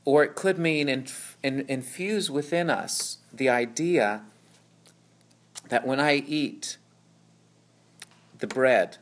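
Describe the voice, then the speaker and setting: A man's voice: medium pitch, slow pace, long pauses. A man teaching about a Bible passage, explaining at length and often checking in with "right?" and "okay?". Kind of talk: teaching talk on scripture.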